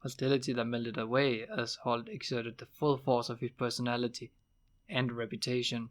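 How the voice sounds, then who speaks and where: A man's voice: mid-range voice, normal speed. Man reading a novel aloud. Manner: steady, plain narration with small slips. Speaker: audiobook reader.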